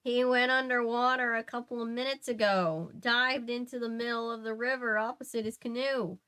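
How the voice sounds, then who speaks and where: A woman's voice: fairly high pitch, fairly even intonation, normal speed, clean tone, pitched above the performer's own voice. A woman voicing a male fisherman with a nasal voice, calling out across a river in a read-aloud story. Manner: yelling across the water.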